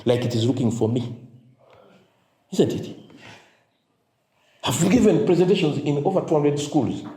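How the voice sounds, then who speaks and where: Guy motivating teachers, keeps going "what?" for the crowd to answer, slips into luganda, high voice in an echoey room. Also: animated, measured pace, mellow. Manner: call-and-response, asks "what?" for the crowd to fill in; mixes in Luganda phrases. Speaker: motivational speaker.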